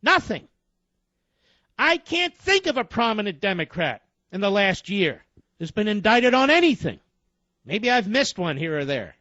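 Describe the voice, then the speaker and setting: An outraged man runs a talk radio segment, his voice sitting very high and leaping around as he presses his points. The sound is close and dry, with a muffled, lo-fi broadcast quality. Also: bright, forceful tone, no room sound. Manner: indignant, emphatic, rhetorical questions.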